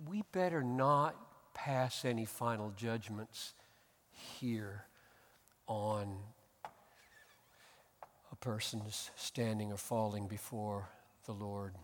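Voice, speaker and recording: A pastor delivering an expository sermon, earnest and emphatic, swinging from hushed tones to loud exclamations. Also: male voice, on the low side. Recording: long hall reverb.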